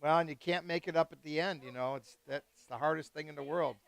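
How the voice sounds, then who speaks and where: A man hosting a live wine tasting, chatting casually and excitedly with guests and swearing freely. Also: a little high, quick pace, vocal fry, no echo. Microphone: live stream mic.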